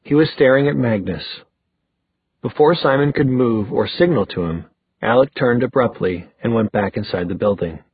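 A man reading an audiobook aloud in a steady, measured way. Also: mid-range voice, husky, no room sound. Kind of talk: scripted audiobook narration. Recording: tinny phone-like dry recording.

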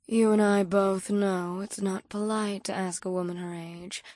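Ageless succubus, playful and knowing, mid-pitched; actress. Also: female voice, flat delivery, measured pace, a little mellow, no echo, clean studio sound, lightly acted. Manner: playful, knowing, sing-song. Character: ageless, sly succubus woman.

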